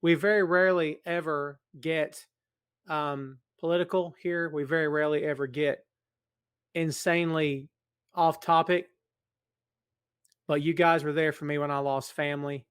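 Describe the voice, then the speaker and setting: A man's voice: a little high, fairly even intonation, moderate pace, pauses often, clean tone, no room sound, clean studio sound. A middle-aged man hosting a live stream, greeting viewers by name and teasing them, then speaking earnestly. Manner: serious, earnest appeal. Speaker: podcast host. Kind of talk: casual live-stream chat. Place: large empty building. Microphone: in front of a camera.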